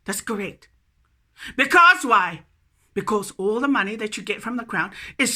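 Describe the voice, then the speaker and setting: A woman delivering a profane, angry rant, repeating a refrain and swinging from low muttering to shouting. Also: sing-song, normal speed. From New Zealand.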